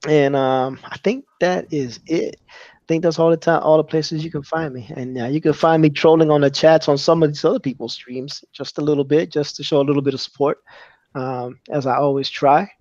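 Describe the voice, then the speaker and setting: A man's voice: fairly high pitch, fairly even intonation, normal speed, a little mellow, dry recording, lo-fi sound. Laid-back man hosting a stream. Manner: laid-back, encouraging, says "man" a lot. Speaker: host. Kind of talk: casual livestream chat.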